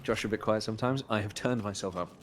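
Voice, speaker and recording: A British man with a fairly low voice talks fast over game music, with a little hiss or hum in the audio. As a co-op guest streamer, he keeps up casual, joking chat sprinkled with rambling asides.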